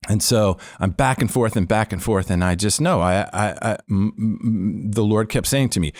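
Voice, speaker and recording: Deep-voiced man telling a police story. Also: unhurried, no room sound, studio quality. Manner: animated storyteller who acts out the people he quotes; laughs often while telling. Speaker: podcast guest, former police officer. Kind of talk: storytelling interview.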